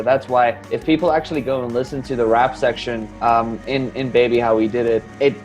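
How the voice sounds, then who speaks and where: A man's voice: mid-range voice, fairly even intonation, brisk, faint music behind. A man from South Africa talking in a put-on American accent as a band guest on a video call, rambling with many fillers. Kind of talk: casual interview chat.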